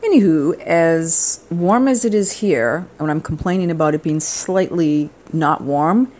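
A woman's voice: low-pitched, unhurried, darkish tone, rough recording. Chatty wry older woman. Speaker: podcast host. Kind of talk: casual travel vlog monologue. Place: outdoors then indoors, on a trip.

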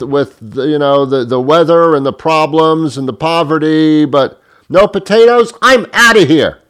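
A man's voice: fairly high pitch, fairly bright tone, pitched above the performer's own voice. A man voicing an exasperated grown man who is quitting his homeland, ranting in a raised voice.

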